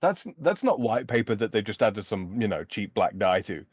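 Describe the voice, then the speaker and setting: A man's voice: lowish voice, very animated, normal speed, no echo, faint music behind. A man in casual chat, wry and playful, with dry jokes and asides. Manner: wry, playful, drops into mock accents.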